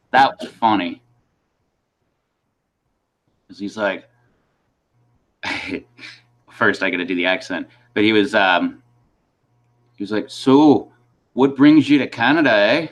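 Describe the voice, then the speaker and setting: A man's voice: on the low side, a bit bright. A man hosting a livestream in casual chat, rambling and laughing between his sentences. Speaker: host of a livestream.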